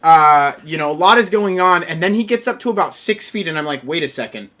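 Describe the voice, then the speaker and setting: A man's voice: sits high, brisk, bright, forceful tone, slight background noise. A man in his thirties, co-hosting a casual podcast chat, telling a rambling story and repeating his own lines. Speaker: podcast co-host.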